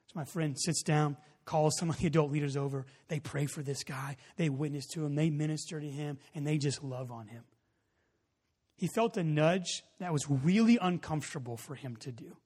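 A man preaching a sermon, telling a story in a loose, casual way with many fillers, then building to loud emphasis. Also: on the high side, normal speed, husky. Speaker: pastor. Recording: long hall reverb.

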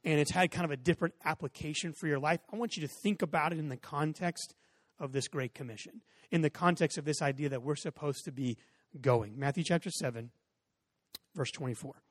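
Pastor, 40s, man with a high voice; chatty storytelling sermon, voices the back-and-forth loudly; hall reverb. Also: a little fast, studio quality. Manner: conversational storytelling, acts out exchanges in raised voices. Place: church sanctuary with a stage and audience seating.

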